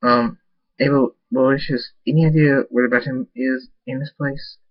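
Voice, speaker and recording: A man's voice: medium pitch, steady tone, moderate pace, close to an everyday voice. A man reading the lines of an affectionate young male pony in his everyday voice. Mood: casual. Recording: dull lo-fi dry recording.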